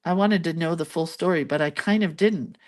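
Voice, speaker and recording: A woman with a lowish voice talks a little fast as host of a lettering and doodling channel. In casual chat she tells a rambling craft-related story, laughing between lines.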